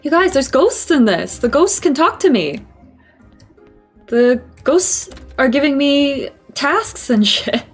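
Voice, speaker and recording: A woman's voice: high-pitched, sing-song, slow pace, soft background music. A woman streaming a game, chatting casually, swearing and laughing at herself. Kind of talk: casual gameplay commentary.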